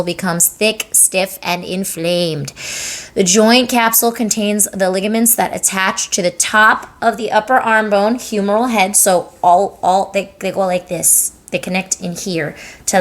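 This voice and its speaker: A young adult woman talks through a health topic in a casual, chatty way, like a massage therapist teaching her viewers. Her voice sits at an ordinary pitch, and she leans on fillers as she demonstrates. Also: fairly bright tone. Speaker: lymphatic drainage massage therapist. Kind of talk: casual educational explainer.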